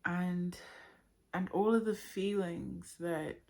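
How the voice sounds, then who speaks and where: A woman speaking in a heartfelt, unscripted monologue, emotional and halting as she searches for words about her inner journey. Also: on the low side, creaky, warm tone. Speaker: spiritual vlogger.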